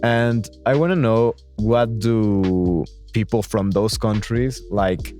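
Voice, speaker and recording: A man's voice: fairly low pitch, takes it slowly, mellow, faint music behind. A young man from Mexico with a Mexican accent, hosting a casual podcast and rambling with "I mean" and "like".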